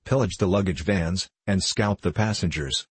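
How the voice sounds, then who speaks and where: A man reading the part of an excitable gentleman card player who argues insistently. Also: low voice, normal speed, breathy edge, no room sound. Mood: agitated. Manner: agitated and insistent. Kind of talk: audiobook dialogue reading.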